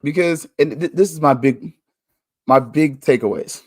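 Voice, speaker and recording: A man hosting a podcast, talking candidly in a casual monologue, chatty and quick to laugh. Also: fairly high pitch, no echo, clean studio sound. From United States. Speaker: podcast host.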